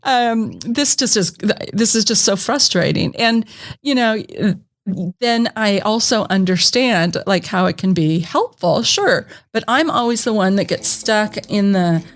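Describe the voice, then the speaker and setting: A woman's voice: mid-range voice, lively intonation, a little slow. A woman co-hosting a casual podcast chat, rambling and laughing often. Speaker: podcast co-host.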